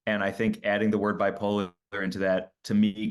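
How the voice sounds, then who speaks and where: This is a man with a fairly low voice, speaking as a comedian guest in a relaxed interview. He tells his stories candidly and with animation, and he often acts out what he said or thought. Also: normal speed, hardly any pauses. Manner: animated storytelling, acts out his own quoted lines.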